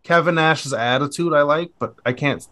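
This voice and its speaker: Crude, animated man from Minnesota. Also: on the high side, moderate pace. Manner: crude, animated storytelling with laughs. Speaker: podcast co-host. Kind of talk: casual chat.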